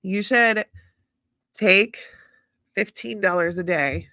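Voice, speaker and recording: A woman's voice: mid-range voice, slow pace, sharp tone, no room sound, clean studio sound. A woman hosting a casual live chat, speaking frankly and bluntly, handing out tough-love advice with casual swearing and talking to viewers by name. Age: adult parent. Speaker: host of a live chat stream.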